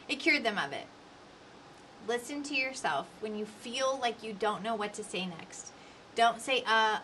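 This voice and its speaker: A woman in her forties giving a lively coaching lecture on public speaking, with varied emphasis. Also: a little high, slight background noise. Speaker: instructor.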